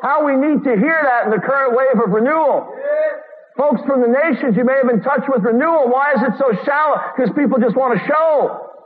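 This sermon comes from a very high-voiced man talking a little fast, earnest and urgent, who quotes passages aloud and adds sarcastic comments along the way. The sound is thin and phone-like, like broadcast radio, with long hall reverb.

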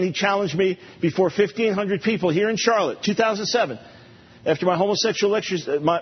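Male preacher, husky and animated, playful repetition, muffled recording. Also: high-pitched. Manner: animated, playful, repeats phrases for emphasis. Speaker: pastor. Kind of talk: sermon. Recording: dull lo-fi recording.

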